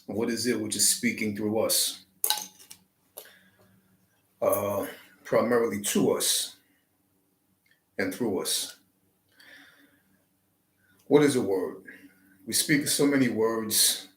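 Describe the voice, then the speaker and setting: Man, host, slow deliberate spiritual talk, drawn-out phrasing, roomy echo. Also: fairly low pitch. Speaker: channel host.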